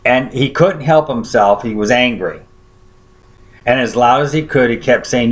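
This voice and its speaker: A man's voice: medium pitch, normal speed, a bit bright. A man preaching a sermon, telling a personal story in a conversational way and often checking in with his listeners.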